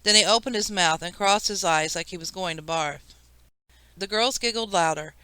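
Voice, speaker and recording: A woman narrating a children's audiobook in a lively storytelling manner. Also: fairly low pitch, moderate pace, smooth, no room sound, poor audio.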